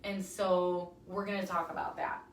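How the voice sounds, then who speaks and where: A woman's voice: lowish voice, flat delivery, normal speed, heavy background noise. A woman in her thirties hosting a casual live talk to viewers, chatty and emphatic with frequent ums. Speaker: wellness talk host. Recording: roomy echo, somewhat far from mic.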